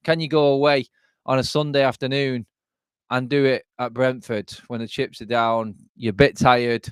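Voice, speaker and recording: A man's voice: medium pitch, little pitch movement, normal speed, smooth, no room sound, clean studio sound. A young English man co-hosting a casual football watchalong, blunt and sweary, laughing often. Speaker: co-host, rival fan.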